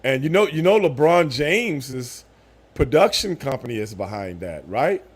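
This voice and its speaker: Lively, animated man telling stories. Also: mid-range voice, moderate pace, slightly rough. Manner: animated storytelling, loud voiced outbursts. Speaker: streamer host. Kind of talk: casual live-stream chat.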